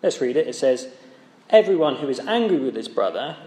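A man delivers a sermon in a chatty, conversational tone, tossing out rhetorical tag questions. His voice sits at an ordinary middle pitch. The sound is roomy, with the echo of a church hall around him. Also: big pitch swings, a little fast, mellow. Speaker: preacher.

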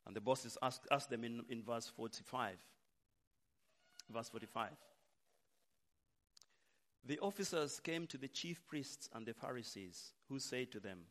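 Male preacher, unhurried sermon delivery, hushed lows and loud emphatic peaks.

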